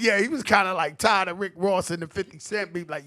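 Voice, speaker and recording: A middle-aged man with a New York accent, telling animated stories at a tribute panel, acting out quotes and swearing freely. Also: sits high, brisk, few pauses. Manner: animated street storytelling, acts out quotes, swears. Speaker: host.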